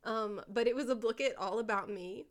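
In a fairly high voice at normal speed, a young woman chats casually about her elementary classroom. She giggles a lot and tells her stories animatedly, quoting what the kids said.

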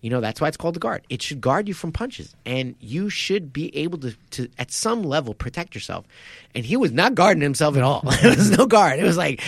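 Animated gravelly man chatting about fights. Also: on the high side, brisk, no room sound. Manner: animated, laughs often, acts out his own reactions. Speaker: podcast co-host. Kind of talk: casual sports chat.

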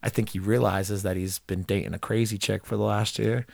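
A man's voice: on the low side, steady tone, brisk, gravelly. A man co-hosting a podcast, recapping an anime episode in casual, profane chat with jokey asides. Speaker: podcast co-host.

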